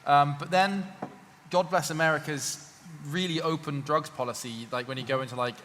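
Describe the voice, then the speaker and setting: A man's voice: on the high side, fairly even intonation, moderate pace, fairly bright tone, slight background noise. A British man co-hosting a live podcast on a convention stage, telling rambling anecdotes. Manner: rambling anecdotal storytelling with laughs. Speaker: podcast co-host. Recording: live convention hall reverb.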